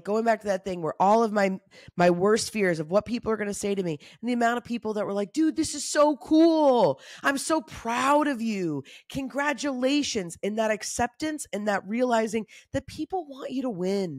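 A woman's voice: medium pitch, brisk, no room sound. Candid woman in her thirties, dry close sound. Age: 30s. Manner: candid, casual and animated, says y'all often. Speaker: podcast host. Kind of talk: motivational solo talk.

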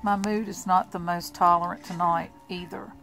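A sly vampire brother from a storybook, calm and ironic as he taunts, voiced by a woman reading in a low, gravelly tone. Faint music sits behind the voice. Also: moderate pace, rough recording. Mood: mocking. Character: mocking, smooth older vampire brother.

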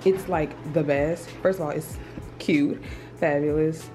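An animated woman of thirty talks straight to her viewers in a casual home vlog. Her voice sits a little low. The room sounds roomy, with music under her. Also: unhurried. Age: 30s. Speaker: lifestyle vlogger. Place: apartment room. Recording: roomy echo with music behind.

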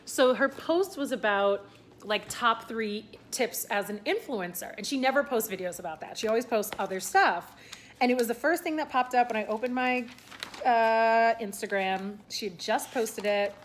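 A woman's voice: fairly high pitch, normal speed, a little hiss or hum. A young woman chatting casually in a vlog, rambling with lots of fillers and restarts. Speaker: vlogger and aspiring content creator. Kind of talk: casual talking-head vlog.

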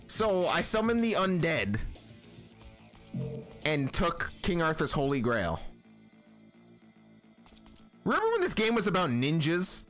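Gaming host, male, profane and excitable, big pitch swings. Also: takes it slowly, long pauses, soft background music. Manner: profane, excitable, shouting reactions. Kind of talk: gameplay commentary.

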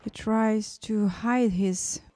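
A woman's voice: mid-range voice, steady tone, drawn-out words, warm tone, no echo. A woman hosting a movie reaction who talks with strong emotion, exclaiming and speaking straight to her viewers. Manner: exclaiming and addressing viewers as guys.

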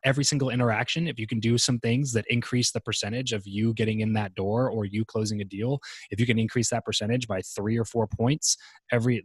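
A man talking as a podcast guest in casual interview chat, relaxed and rambling, with many fillers and restarts. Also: lowish voice, husky, no room sound.

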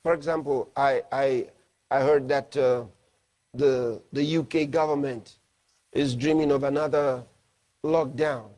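A man, a pastor, preaching a sermon with emphasis and slowing down to read scripture aloud. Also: medium pitch, fairly even intonation, a little mellow.

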